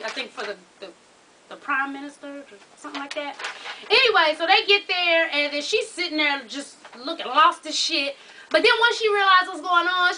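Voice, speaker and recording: Sassy high-voiced woman gossiping. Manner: sassy, loud laughs, quotes people in put-on voices. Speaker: reality show recap vlogger. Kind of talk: casual profane gossip recap.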